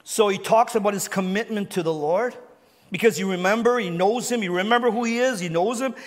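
A man preaching a sermon as pastor, animated and questioning his listeners, often repeating words as he goes. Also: high-pitched, a little fast. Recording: long hall reverb.

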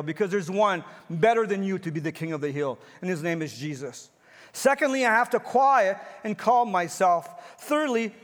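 A pastor in his fifties preaching a sermon in a church, speaking in an earnest, personal way and repeating phrases for emphasis. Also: high voice. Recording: long hall reverb.

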